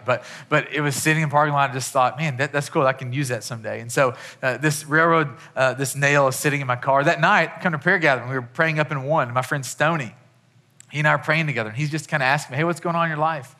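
A man's voice: mid-range voice, sharp tone. A man in his thirties, a pastor, giving a conversational sermon with many restarts.

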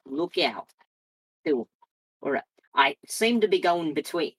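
A woman's voice: deep voice, expressive, slow pace, long pauses, slightly rough, no room sound. A woman player at a tabletop game, casually recapping everyone's characters.

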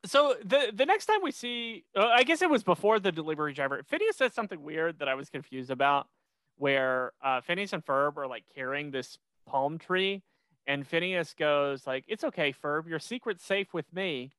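Bright, crisp young man recapping casually. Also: a little high, normal speed, no room sound. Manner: rambling, many restarts, animated. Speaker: podcast host.

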